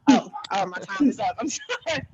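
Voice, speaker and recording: Blunt, animated woman comic in her 30s. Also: a little high, moderate pace, highs cut off, a loud crowd. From New Jersey. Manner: blunt, animated, conversational, repeats herself. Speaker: stand-up comedian. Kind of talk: online stand-up set.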